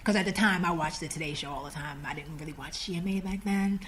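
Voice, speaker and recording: A woman guest on a podcast telling a personal story in a casual, animated way and acting out the voices of people she quotes. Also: on the low side, fast talker, a little hiss or hum. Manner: animated, acts out quoted dialogue.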